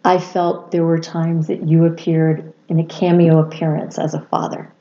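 A woman in her sixties, a podcast guest and mother, speaking in a soft, measured and reflective way. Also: sits low, little pitch movement. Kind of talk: reflective conversation. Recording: dull lo-fi sound.

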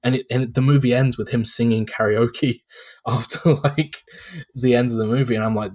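A man's voice: medium pitch, steady tone, normal speed, darkish tone. A British man chatting as a podcast guest late at night, tired and laughing often with wry asides. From Britain. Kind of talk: casual podcast chat.

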